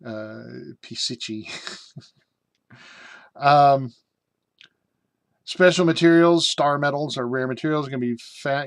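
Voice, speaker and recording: A man's voice: mid-range voice, dry recording. A middle-aged American man casually reviewing a tabletop game book, rambling with many fillers and joking asides. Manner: rambling, with frequent fillers and self-amused asides.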